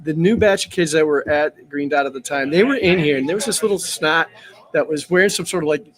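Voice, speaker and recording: A man's voice: fairly high pitch, fairly quick. A man who runs a pub, telling stories in a casual chat and acting out the people in them. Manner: storytelling, animated, acts out quotes. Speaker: bar owner.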